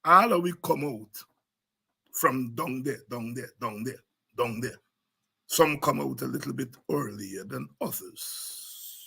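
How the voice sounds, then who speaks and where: A man's voice: medium pitch, takes it slowly, creaky, pushed and bright, breathy edge. A man with a Guyanese Creole accent giving fiery, preaching political commentary as a show host, repeating himself and sliding into Creole.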